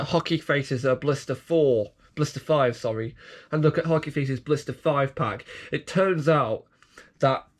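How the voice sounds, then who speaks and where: A man rambling through a casual toy unboxing, self-mocking and prone to fits of giggling. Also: fairly high pitch.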